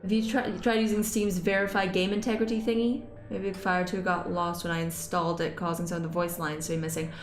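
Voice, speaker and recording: Animated woman gamer in an echoey room. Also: fairly quick, few pauses, faint music behind. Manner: animated and exasperated, swearing, jumping up in pitch when upset. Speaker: gaming channel host. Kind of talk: let's-play commentary, reading game text aloud.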